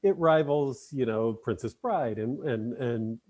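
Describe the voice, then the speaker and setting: Husky, mellow-voiced man musing. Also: medium pitch. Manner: halting, many fillers. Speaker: podcast guest. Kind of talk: casual chat.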